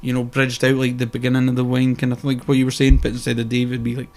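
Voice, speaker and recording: A man co-hosting a podcast in casual chat, animated and swearing freely. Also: medium pitch, fast talker, creaky. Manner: animated, swears often, laughs.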